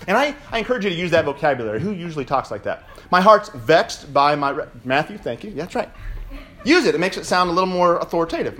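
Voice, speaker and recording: Pastor guy preaching in a church, highish voice, jumps all over the place, shouts then gets quiet and jokey. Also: normal speed. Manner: animated, swinging from shouts to quiet asides. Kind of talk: Easter sermon.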